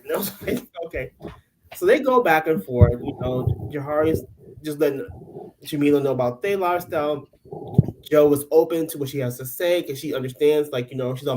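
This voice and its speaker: A woman co-hosting a casual recap podcast, telling the story in a lively, animated way and acting out what the cast said. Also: sits low, brisk, low-quality recording. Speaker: podcast co-host.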